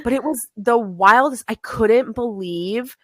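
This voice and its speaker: A woman co-hosting a podcast, telling a story in casual chat, animated and swearing freely. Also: a little high, unhurried. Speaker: podcast co-host.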